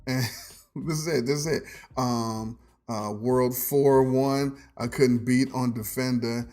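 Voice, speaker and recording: A man's voice: mid-range voice, fairly even intonation, slow, a little mellow. A man in his forties hosting a podcast, talking in a loose, rambling way, with frequent "um"s and laughs. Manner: rambling, laughs often, says "um" a lot. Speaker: podcast host. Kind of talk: casual nostalgic monologue.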